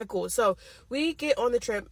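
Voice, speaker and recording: A woman's voice: on the high side, lively intonation, moderate pace, no echo. A woman telling a story in a casual, heated rant, blunt and full of swearing, speaking close to a phone mic. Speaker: storytime vlogger.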